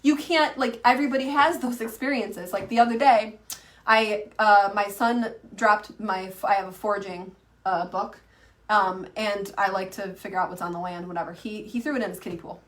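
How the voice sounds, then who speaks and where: A woman's voice: mid-range voice, fairly even intonation, moderate pace, recorded from a distance. A woman in her thirties, an online coach, teaching in a chatty, rambling way full of fillers and restarts. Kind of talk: casual teaching to camera.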